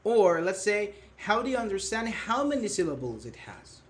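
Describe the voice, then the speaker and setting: Patient male English teacher, higher voice. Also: big pitch swings. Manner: patient, questioning, repeats words slowly. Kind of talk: live online grammar lesson.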